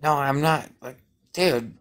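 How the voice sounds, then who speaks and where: A man's voice: on the high side, takes it slowly, fairly bright tone. A tipsy man rambling and apologizing as a guest on a live chat stream. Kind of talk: casual chat.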